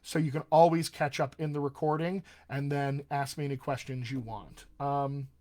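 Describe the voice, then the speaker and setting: A man's voice: medium pitch, fairly even intonation, normal speed, mellow. A man working as a dialect coach, talking casually on a live-streamed Q&A, chatty with many fillers and restarts.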